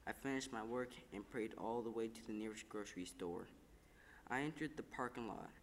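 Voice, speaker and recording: A man narrates a heartfelt story at an even, measured pace, now and then stumbling over a word. His voice rings with a long room echo over faint background noise. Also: on the low side. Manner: calm, measured storytelling with small slips. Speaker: reader. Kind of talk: scripted narration of a first-person story.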